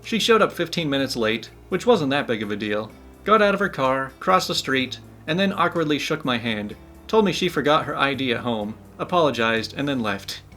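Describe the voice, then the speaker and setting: A man reads online stories aloud in a relaxed, casual voice, adding dry jokes between them. His pitch sits in the middle range, and faint music plays underneath. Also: moderate pace. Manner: wry, joking asides. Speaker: narrator reading Reddit stories. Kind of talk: casual storytelling narration.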